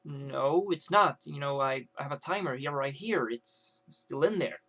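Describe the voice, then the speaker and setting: A patient young man behind a school counter explains himself calmly and reasonably. His voice is plain and even, with a man acting him out. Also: mid-range voice, measured pace, voice pushed down. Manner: calm, reasonable.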